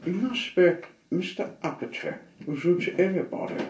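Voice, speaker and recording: A man voicing a cheeky little male goblin who teases and chirps in a high voice. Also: expressive, normal speed, a little hiss or hum. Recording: roomy, slightly distant mic.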